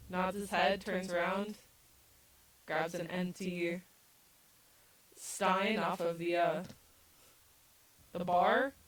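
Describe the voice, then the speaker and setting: Slow-paced woman game master. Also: on the low side, poor audio. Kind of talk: narrating a tabletop game.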